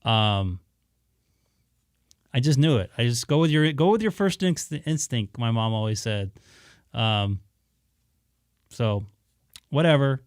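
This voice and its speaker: Easygoing male streamer, mid-pitched, crisp clear voice, rambling talk to his viewers. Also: expressive, slow pace, long pauses, dry recording, clean studio sound. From Southern California. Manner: rambling, many "uh" fillers, easygoing. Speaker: ham radio live streamer. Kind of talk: casual live-stream chat to viewers.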